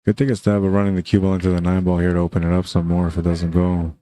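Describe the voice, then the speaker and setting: Low, mellow-voiced male pool commentator. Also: monotone, quick pace. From Canada. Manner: laid-back, chatty, says "man" often. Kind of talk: casual live commentary.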